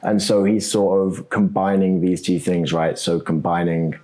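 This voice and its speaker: A guest being interviewed, the co-founder of a web3 architecture startup, talks in a relaxed, casual way, thinking aloud with many ums and often ending points with "right?". He has a deep voice and an unhurried pace.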